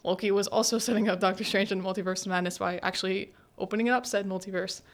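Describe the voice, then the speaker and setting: A young woman hosting a student podcast, retelling scenes in a chatty, animated way with lots of filler words and acted-out quotes. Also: mid-range voice, fast talker. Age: young adult. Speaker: podcast host. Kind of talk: casual solo podcast recap.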